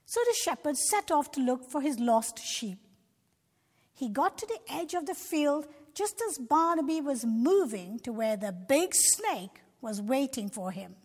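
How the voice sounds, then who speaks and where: Woman reading a sunday school story, high animated voice, echoey hall. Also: unhurried. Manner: expressive, addresses young listeners directly. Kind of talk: Christian children's story narration. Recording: long reverb.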